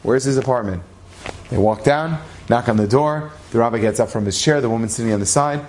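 A man's voice: medium pitch, fast talker, slight background noise. A man telling a story aloud in a conversational way, acting out each character. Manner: lively, conversational, acts out all the voices. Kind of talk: oral storytelling.

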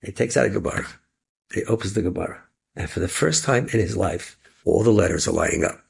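A man telling an inspirational story in animated storytelling, sprinkling Yiddish and Hebrew words. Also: deep voice, fast talker, gravelly, husky.

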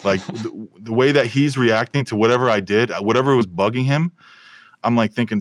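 A man's voice: deep voice, fast, dry recording. A man, a film and television sound mixer, telling stories animatedly in a casual podcast interview. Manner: animated storyteller with many fillers and restarts.

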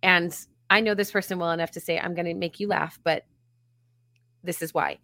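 A woman's voice: lowish voice, steady tone, moderate pace, bright, forceful tone, no room sound, studio quality. A woman guest talking about grief support in an earnest, reflective way, laughing now and then. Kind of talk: reflective conversational interview.

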